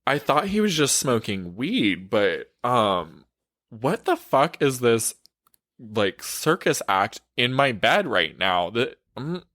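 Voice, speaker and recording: A man's voice: mid-range voice, big pitch swings, slow, fairly bright tone, dry recording, studio quality. A man, a relationship coach, telling a frank, profane story in a casual storytime, full of "like" fillers.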